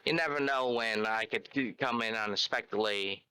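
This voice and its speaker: A man's voice: lowish voice, normal speed, sharp tone, clear, resonant tone, no room sound, rough recording. A man voicing a wary, unlucky male dwarf who speaks in an old-fashioned way. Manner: old-fashioned in-character speech.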